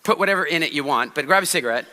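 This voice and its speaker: High-pitched guy running a seminar, playful, gets the crowd to join in, big echoey hall. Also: very fast. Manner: energetic, playful, coaxes the audience to join in. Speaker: public speaking trainer. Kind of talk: live seminar talk to an audience. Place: large hall before a live audience. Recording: roomy hall with long reverb.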